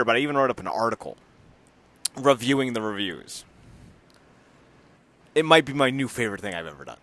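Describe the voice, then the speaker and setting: A man co-hosting a casual podcast, rambling and laughing as he talks. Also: mid-range voice. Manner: animated, rambling, laughs often, acts out voices. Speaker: podcast co-host.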